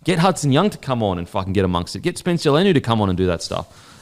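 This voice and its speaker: A man's voice: fairly low pitch, sing-song, quick pace. A man with an Australian accent co-hosting a sports podcast, talking bluntly and swearing often in casual chat. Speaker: podcast co-host.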